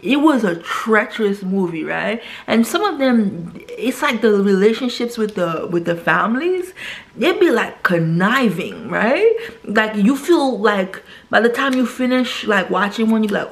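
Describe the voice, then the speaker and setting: A woman talking casually to her viewers in a rambling monologue, tagging "right?" onto her sentences. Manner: rambling, says "right?" constantly; acts out quoted characters in a higher voice. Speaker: vlogger.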